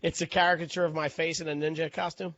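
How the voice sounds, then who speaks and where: A man co-hosting a casual podcast who jokes quickly and laughs between words. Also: a little high, flat delivery, a bit bright, highs cut off. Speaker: podcast co-host. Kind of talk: casual chat.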